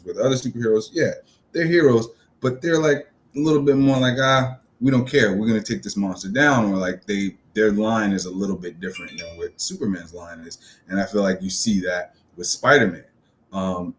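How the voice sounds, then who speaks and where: A man's voice: fairly low pitch, a little mellow. A man from New City, chatting casually and rambling through his thoughts with plenty of fillers. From New York City. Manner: loose and rambling, many fillers. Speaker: pop-culture vlogger. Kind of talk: casual solo video talk.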